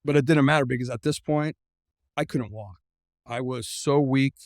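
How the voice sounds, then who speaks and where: A man's voice: medium pitch, no room sound, studio quality. Earnest middle-aged man telling his story. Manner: earnest, halting, repeats words when emotional. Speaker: interview guest. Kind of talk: personal storytelling in a conversation.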